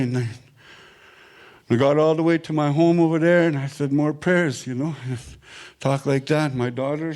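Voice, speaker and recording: A man speaking in a somewhat high-pitched voice. He tells his own story in an earnest, plain-spoken way and returns to the same phrases again and again. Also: a little mellow. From Manitoba, Canada. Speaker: invited speaker. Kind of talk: personal storytelling talk.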